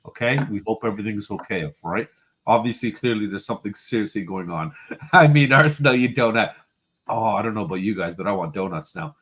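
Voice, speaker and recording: A man's voice: fairly low pitch, a little fast, a bit bright. A man hosting a casual football live stream, reading out viewer comments and bantering with his co-hosts. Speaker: host.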